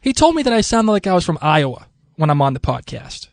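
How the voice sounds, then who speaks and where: A man's voice: a little high, brisk, dry recording. Rambling Boston-accented man, dry close mic. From Massachusetts. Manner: rambling with restarts, animated. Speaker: podcast co-host. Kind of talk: casual chat, reading listener mail.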